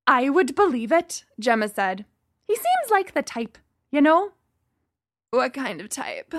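Lively young-sounding woman storyteller. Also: fairly high pitch, creaky, no echo, clean studio sound. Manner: lively, acting out dialogue. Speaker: narrator. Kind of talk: first-person story reading.

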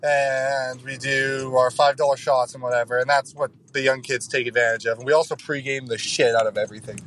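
A man's voice: mid-range voice, steady tone, brisk, a bit bright, low-quality recording. A young man leaving a casual, rambling voicemail full of fillers and casual swearing. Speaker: voicemail caller.

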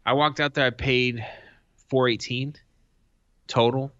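A man co-hosting a podcast, telling a story in a casual, animated way and swearing freely. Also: mid-range voice, a little slow, clear, resonant tone, no room sound. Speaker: podcast co-host. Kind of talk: casual chat. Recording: dull lo-fi sound.

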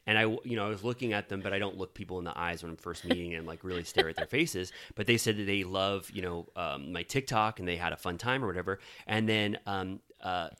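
Young male co-host, lower voice, chatty anecdotal delivery. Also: quick pace, hardly any pauses. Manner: chatty, animated storytelling with quoted voices. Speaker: podcast co-host. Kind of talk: casual chat.

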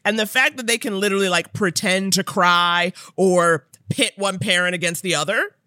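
A woman's voice: medium pitch, moderate pace, bright, forceful tone, no echo, clean studio sound. A woman from New York City co-hosting a comedy podcast, ranting and explaining things with conviction. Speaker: podcast co-host. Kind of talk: casual comedic chat.

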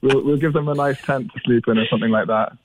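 A man's voice: mid-range voice, steady tone, fast, background noise. A man from Ireland with a mixed Irish and English accent, chatting in an easygoing, jokey way as a phone interview guest. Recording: tinny phone line.

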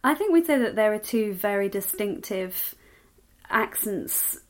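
A woman's voice: mid-range voice, expressive, unhurried. A woman from England co-hosting a podcast in casual chat, talkative and laughing often. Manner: chatty, laughs often, with frequent fillers. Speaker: podcast co-host.

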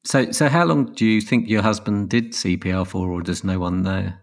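A man hosting an interview, asking questions gently and hesitantly. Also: lowish voice, steady tone, moderate pace. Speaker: interview host. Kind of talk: conversational interview.

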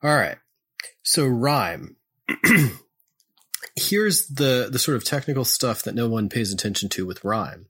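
A man hosting a podcast, casually explaining poetry in a halting way, often clearing his throat and correcting himself. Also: medium pitch, animated, a bit bright.

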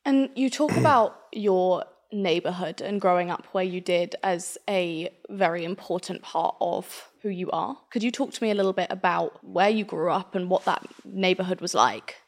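A woman podcast host asking her guest measured interview questions. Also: fairly low pitch.

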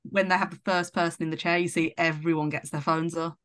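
Female guest, lower voice, measured film talk, dry recording. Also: flat delivery, a bit bright, no room sound. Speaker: podcast guest. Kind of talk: casual film discussion.

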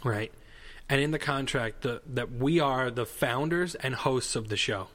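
A man's voice: mid-range voice, a little slow, fairly bright tone. A man co-hosting a casual podcast, rambling and digressive with a jokey tone. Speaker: podcast co-host. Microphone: headphones and studio mic.

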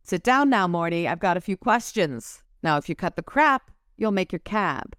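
A woman's voice: on the low side, expressive, moderate pace, fairly bright tone, no room sound, studio quality. A woman reading as a blunt male wizard detective. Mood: pressing. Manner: firm, pressing, streetwise.

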